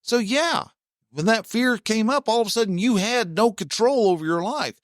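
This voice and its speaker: A man's voice: sits high, lively intonation, moderate pace, no echo, studio quality. A man, hosting a casual self-help talk in a plainspoken, folksy way with mild cursing. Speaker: self-help podcast host.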